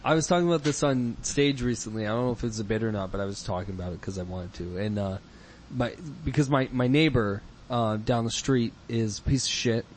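A man's voice: mid-range voice, a little fast, slight background noise. Rambling man telling comic stories. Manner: rambling storyteller, loud put-on voices. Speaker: podcast guest comedian. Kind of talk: casual comedic chat.

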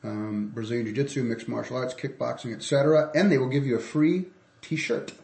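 A man's voice: medium pitch, a little fast, creaky, a little mellow, roomy sound. A man hosting a casual podcast, rambling through ad reads and banter with many restarts. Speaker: podcast host.

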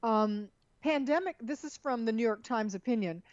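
A woman's voice: a little high, moderate pace, a little mellow, no room sound. A woman co-hosting a casual political podcast, chatting and reading quotes aloud with many fillers and restarts. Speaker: podcast co-host. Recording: dull lo-fi sound, dry.

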